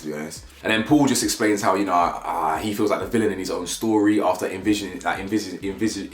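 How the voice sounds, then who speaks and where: Fast-talking young man in a roomy room. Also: sits low. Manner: animated, slangy, rambling with restarts. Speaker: TV show reviewer. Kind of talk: casual recap commentary. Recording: roomy echo.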